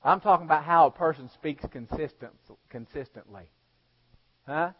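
A male pastor preaching a sermon, swinging between loud exhortation and hushed storytelling. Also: a little high, moderate pace, husky. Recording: dull lo-fi sound.

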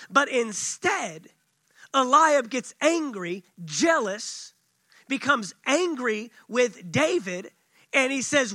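A pastor preaches in an emphatic, repeating style. His voice is strikingly high and sharply bright. The recording is dry and close, with no room echo. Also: sing-song, takes it slowly. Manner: emphatic, repetitive preaching with acted quotes. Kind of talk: sermon.

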